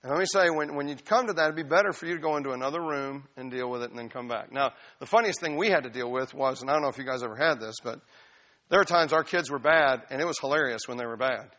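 A man's voice: medium pitch, fast talker, pushed and bright. A middle-aged pastor preaching a sermon to his congregation in a conversational, emphatic way, mixing in personal stories. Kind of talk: expository sermon.

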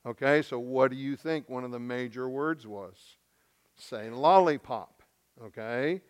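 A male pastor from Arkansas, speaking, delivers a sermon in a smooth, resonant voice. He acts out the voices in the story, rising to loud, high bursts and then dropping to a hush. His pitch sits in the middle of the male range. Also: normal speed.

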